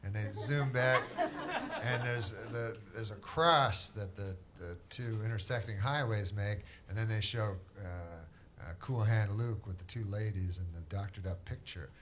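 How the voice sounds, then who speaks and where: A middle-aged man from Canada doing stand-up crowd work, with rambling, deadpan, drawling storytelling. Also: lowish voice, unhurried, slight background noise. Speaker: stand-up comedian. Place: comedy club stage. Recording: live club set with a loud crowd. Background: audience laughter.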